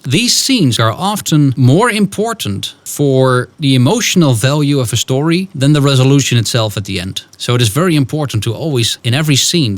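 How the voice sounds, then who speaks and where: A man who works as a storytelling coach, giving a podcast writing lesson in an animated way and acting out short scenes. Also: mid-range voice.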